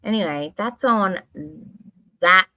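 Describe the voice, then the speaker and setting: A livestream host talks slowly at a medium pitch, her tone bright and forceful and her intonation lively. She rambles expressively, swears casually at times, and reads the occasional chat comment aloud.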